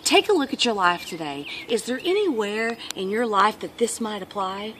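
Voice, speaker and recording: A woman's voice: medium pitch, lively intonation, normal speed, fairly bright tone, slight background noise. A woman vlogger telling a story in a casual, earnest, reflective monologue.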